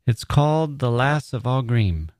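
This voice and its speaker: A man voicing a hoarse, irritable male singer in a story reading, curt and rough. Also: medium pitch, lively intonation, unhurried, a little mellow, no echo, studio quality, pitched above the performer's own voice, close to an everyday voice. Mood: gruff.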